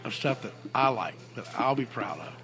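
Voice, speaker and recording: A middle-aged man, a songwriter guest, telling career stories in a casual interview, animated, rambling and full of swearing. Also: medium pitch, normal speed. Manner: animated, profane, rambling storyteller.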